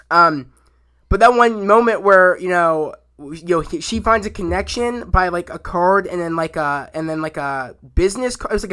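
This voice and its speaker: Excitable young man rambling about a show. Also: high voice. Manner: rambling and excitable, many fillers and restarts. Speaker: YouTube show reviewer. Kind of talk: casual spoken review.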